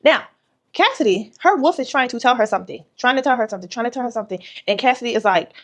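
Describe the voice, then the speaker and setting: A woman's voice: fairly high pitch, expressive, fast. A woman author giving a casual vlog tutorial, retelling a story animatedly with quoted voices.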